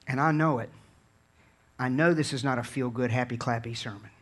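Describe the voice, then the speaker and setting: A man from Virginia preaching a sermon in an earnest, conversational way, dropping low and quiet and then building to fervent peaks. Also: a little fast. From Virginia, USA. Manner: conversational storytelling with repeated words and restarts.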